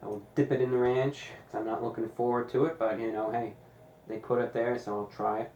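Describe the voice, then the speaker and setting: A man reviewing pizza in a deliberate, casual way, with dry sarcastic asides. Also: medium pitch, little pitch movement, warm tone, roomy sound, lo-fi sound, slight background noise. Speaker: food reviewer.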